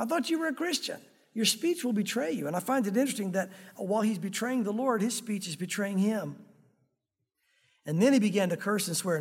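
A man preaching a sermon in a church, emphatic and conversational, calling his listeners "guys". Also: high-pitched. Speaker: pastor. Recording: long hall reverb.

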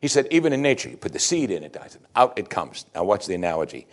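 Talking fast in a sing-song style, this preacher keeps his sermon folksy and plain-spoken. He leans on rhetorical questions and shifts from booming emphasis to soft, murmured asides.

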